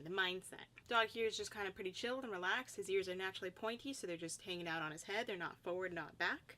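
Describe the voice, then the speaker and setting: A woman dog trainer giving a calm instructional voice-over, now and then speaking a dog's thoughts in quotes. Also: medium pitch. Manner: explains calmly, voicing the dog's thoughts in quotes.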